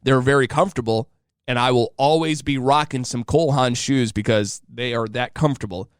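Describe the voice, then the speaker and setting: A man's voice: medium pitch, a little fast, clear, resonant tone, dry recording, studio quality. A man in his thirties telling a casual, joking story as a podcast host. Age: 30s. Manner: chatty and joking, acting out voices.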